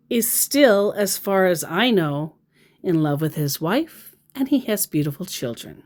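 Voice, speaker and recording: A woman in casual commentary on scam chats, sarcastic and laughing often. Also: mid-range voice. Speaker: scambaiter vlogger.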